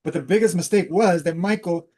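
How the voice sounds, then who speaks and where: A man's voice: sits high, brisk, dark tone. Rambling man telling a spiritual story. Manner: rambling, with many fillers and restarts. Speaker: host.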